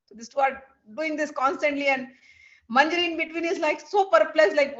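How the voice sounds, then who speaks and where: A woman telling a devotional story in an animated, vivid way. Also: high voice, a little fast. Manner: animated, vivid retelling with restarts. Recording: dull lo-fi recording.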